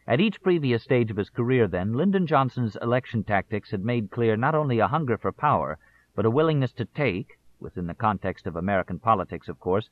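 A man narrating a nonfiction audiobook in a measured, deliberate manner. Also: lowish voice, animated. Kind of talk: scripted narration. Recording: tinny phone-like audio.

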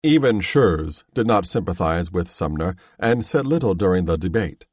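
A man narrating a history audiobook in a measured, steady reading voice. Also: low-pitched, slightly rough, no room sound.

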